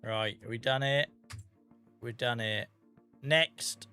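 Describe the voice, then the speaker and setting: A man's voice: medium pitch, takes it slowly, bright, forceful tone, smooth, soft background music. A British man chatting casually on a live gaming stream, joking, teasing his chat and swearing freely. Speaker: game streamer.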